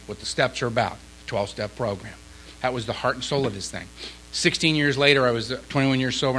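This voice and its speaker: A man's voice: medium pitch, slight background noise, rough recording. A man speaking at a recovery meeting, telling a personal story with feeling and acting out what others said. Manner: emotional storyteller, quoting others in lively voices. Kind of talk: recovery talk.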